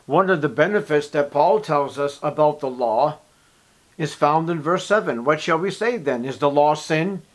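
Male pastor, sermon delivery, emphatic, fairly high-pitched. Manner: emphatic preaching that swings between loud and hushed; reads scripture aloud.

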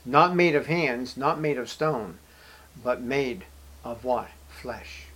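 A man's voice: medium pitch, lively intonation, takes it slowly, fairly bright tone. A man preaching a sermon. He acts out short bits of dialogue and repeats words for emphasis.

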